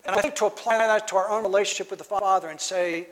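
A high-voiced male preacher gives a reflective sermon, thinking aloud with a steady tone. His delivery is halting, with frequent pauses and restarted phrases. A long reverb makes him sound as though he's in a large hall.

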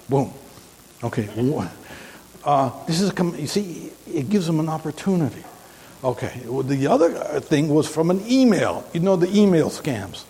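A man's voice: fairly high pitch, very animated, warm tone, breathy edge. An older man preaching in an informal, rambling storytelling way, often stopping and restarting. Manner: halting, rambling, frequent restarts. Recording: long hall reverb, faint hiss.

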